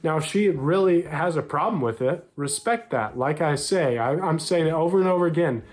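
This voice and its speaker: A man's voice: fairly high pitch, lively intonation, moderate pace. A young American man coaching men on dating, talking straight to the viewer in an upbeat, direct way and acting out short quoted lines. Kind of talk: direct-to-camera advice talk.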